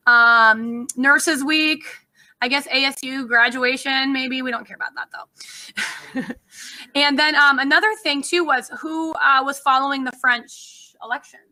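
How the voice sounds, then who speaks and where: A woman instructor lectures her class in a chatty, loose way, pausing often for ums and uhs. Her voice is very bright and a little high. It's a low-quality recording picked up from a distance, across the classroom.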